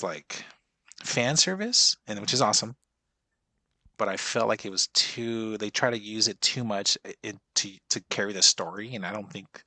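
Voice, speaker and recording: A man's voice: on the low side, pushed and bright, dry recording. A man in his forties in a casual movie reaction chat, rambling and profane, stopping and restarting his sentences a lot. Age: 40s. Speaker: podcast co-host.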